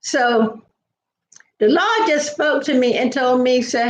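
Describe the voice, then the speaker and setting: A woman's voice: high-pitched, slow pace, reverberant, lo-fi sound. An older woman, hosting a casual live chat, greeting viewers by name and drifting into family stories. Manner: chatty, greets viewers by name, storytelling asides. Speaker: livestream host.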